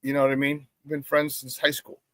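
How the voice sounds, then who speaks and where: Animated man ranting on a sports show. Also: medium pitch, no room sound. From Chicago area. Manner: animated storytelling, quick voice changes for quoted people. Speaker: sports talk show host. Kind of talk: casual rant on a live show.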